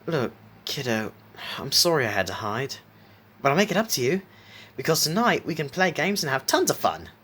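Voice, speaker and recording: A man's voice: mid-range voice, big pitch swings, normal speed, pauses often, a bit bright, slight background noise, pitched above the performer's own voice. A man voicing a sinister, clown-like supernatural being who talks in a sly, coaxing way in a horror story reading.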